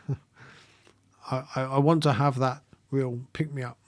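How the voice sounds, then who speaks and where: A man speaks in a soft, halting way, pausing on frequent ums and letting small laughs slip in. The sound is close and dry, with no room behind it. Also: medium pitch, steady tone, dry recording. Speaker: meditation livestream host. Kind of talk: live-streamed reflective talk, reading viewer comments.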